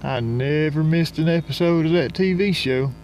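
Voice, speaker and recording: A man narrating a comic story in folksy rural slang, drawling and unhurried. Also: fairly high pitch, a little mellow, slight background noise.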